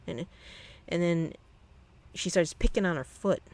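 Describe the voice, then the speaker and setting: A channel host telling a personal story in a rambling, halting way, often restarting sentences. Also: mid-range voice, darkish tone.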